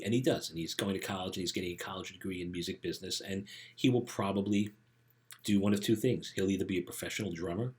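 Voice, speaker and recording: A man's voice: deep voice, quick pace. A middle-aged man, a life coach for teens, giving a casual motivational talk. He speaks conversationally and often tags his sentences with "right?".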